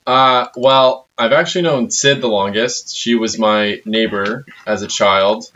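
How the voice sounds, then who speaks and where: A man's voice: fairly low pitch, a little slow, a bit bright. A young man as a podcast guest, talking hesitantly with many fillers. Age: young adult. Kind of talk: casual chat. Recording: dull lo-fi recording.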